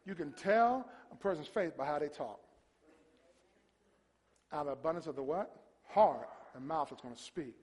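A male preacher giving an animated sermon, mocking and swinging from hushed to shouting. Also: fairly high pitch, normal speed, pauses often, husky, in a large hall.

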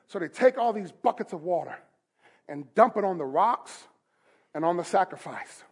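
A male pastor preaching a sermon in a church service, emphatic and rising to shouts with call-and-response. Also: high-pitched, animated, moderate pace, breathy edge.

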